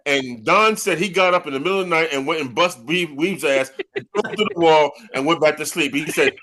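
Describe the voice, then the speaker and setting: An older man with a high, bright, ringing voice, spinning rowdy locker-room stories with old teammates. He swears freely and keeps tagging "man" and "right?" onto his lines, in a loose, animated chat. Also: a little fast. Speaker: host. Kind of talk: casual storytelling among old teammates.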